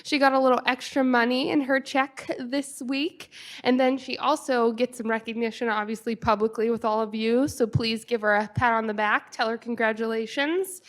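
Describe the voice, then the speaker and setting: A woman with a fairly high voice gives upbeat, chatty announcements at a town hall meeting. She talks warmly and informally about staffing news. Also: fairly even intonation, normal speed. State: out of breath. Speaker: community staff manager.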